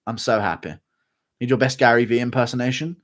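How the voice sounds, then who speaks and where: A man's voice: medium pitch, steady tone, no echo. Young guy streamer, swears a ton, rants at chat, dry close mic. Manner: profane, ranting, quick to flare up. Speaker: livestream host. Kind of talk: casual livestream chat reading donations.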